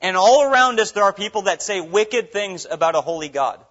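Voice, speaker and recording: A man's voice: sits high, animated, fairly quick, a bit bright. Earnest male pastor preaching, dull lo-fi. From Minnesota. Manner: earnest preaching with rhetorical questions. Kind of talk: sermon. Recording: dull lo-fi recording.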